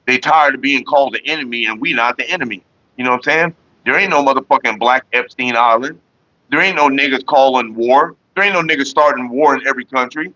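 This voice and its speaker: A man's voice: medium pitch, fairly quick, pushed and bright, dry recording, muffled recording. A man hosting a casual livestream, talking bluntly and profanely straight to his viewers. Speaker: livestream host.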